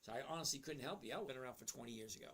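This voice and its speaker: A man in his sixties hosts a casual livestream, reading viewer questions aloud. He answers bluntly and chattily in a plain, middle-pitched voice. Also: animated, very fast, fairly bright tone, husky. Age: 60s. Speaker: host.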